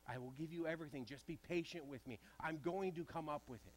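A man's voice: fairly high pitch, fast, a little hiss or hum, close to an everyday voice. A man playing a pleading indebted servant. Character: indebted male servant, pleading then harsh.

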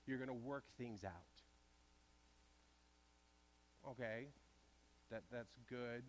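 A man's voice: medium pitch, slow pace, a little hiss or hum. A man preaching a sermon in a church, conversational and asking the congregation direct questions. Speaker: pastor.

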